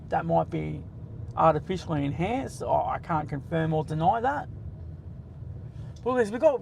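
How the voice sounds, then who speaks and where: An Australian man in his late forties hosts a casual, blunt and sweary live stream from the driver's seat of a car, bantering with his chat. His voice is high-pitched with vocal fry, and the recording quality is low.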